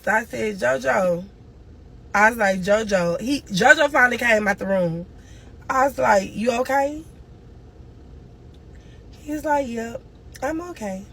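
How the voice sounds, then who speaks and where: A woman's voice: fairly high pitch, unhurried, long pauses, a bit bright, a little hiss or hum. A grieving woman streaming live, telling a long emotional story and crying at times. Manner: tearful, cries and moans through the story.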